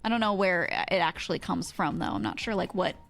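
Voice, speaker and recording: A woman's voice: lowish voice, big pitch swings, fairly quick, creaky, fairly bright tone, faint music behind. A woman from New York chatting casually with her viewers, rambling, swearing and laughing often. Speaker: streamer.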